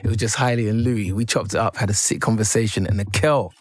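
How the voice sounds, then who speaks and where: A man hosting an upbeat radio interview in a studio, energetic and hyping up his guests. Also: on the low side, fast. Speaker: radio host. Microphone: studio microphone.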